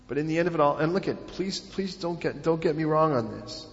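A man's voice: fairly high pitch, lively intonation, a little fast, big-room sound, muffled recording. A man preaching a sermon in a conversational way, full of rhetorical questions and filler phrases. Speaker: pastor.

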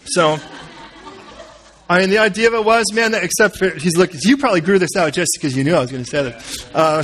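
A man preaching a sermon, reading scripture and breaking off into animated, joking, conversational asides. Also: sits high. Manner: animated, conversational, full of asides and playful jokes. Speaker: pastor.

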